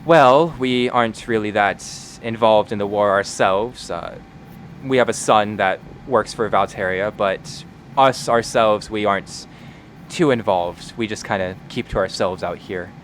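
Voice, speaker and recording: A man's voice: on the low side, unhurried, fairly bright tone, a little hiss or hum. A man voicing a wary farm woman who keeps to herself and speaks in a terse, guarded way.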